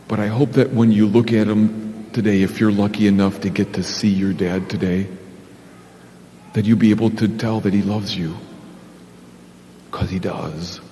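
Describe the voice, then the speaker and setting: A man giving a children's message in church, gentle and sing-song, talking with a puppet. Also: lowish voice, fairly even intonation, moderate pace, big-room sound, a little hiss or hum. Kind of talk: children's sermon with puppet dialogue.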